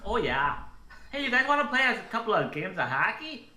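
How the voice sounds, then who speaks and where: A man's voice: high voice, sing-song, normal speed, sharp tone, reverberant. A man playing his character in a tabletop game, jokey and switching silly accents. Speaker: player.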